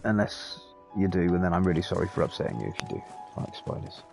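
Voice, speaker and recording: A man's voice: sits low, very animated, fast talker, creaky, loud music behind the voice. Sweary British man streaming a game. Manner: chatty, swears freely. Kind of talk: casual live gameplay commentary.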